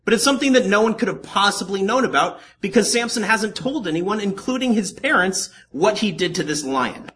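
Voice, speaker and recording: A man delivering a sermon in a bright, forceful voice, his pitch leaping up and down as he jokes and turns to the congregation. His delivery is animated, with a conversational teaching style. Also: fairly quick, few pauses. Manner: animated and joking, with asides to the congregation. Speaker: pastor teaching a Bible study.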